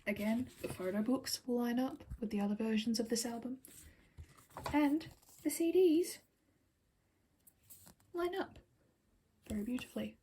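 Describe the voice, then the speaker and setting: A woman's voice: on the high side, measured pace, long pauses, warm tone, a little hiss or hum, poor audio. A woman chatting casually to camera as a vlogger, giggly and rambling, often slipping into whispered asides and little apologies. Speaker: vlogger reviewing album collection.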